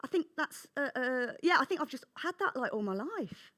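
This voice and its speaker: A woman author from England telling childhood stories in a conversational interview, acting out her younger self with animated voices. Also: high-pitched, moderate pace.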